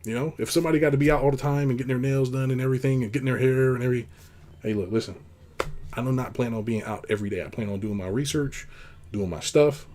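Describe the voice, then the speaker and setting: A man hosting a casual monologue, rambling and blunt, acting out quoted lines in a high put-on voice. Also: fast, darkish tone, a little hiss or hum. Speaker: host.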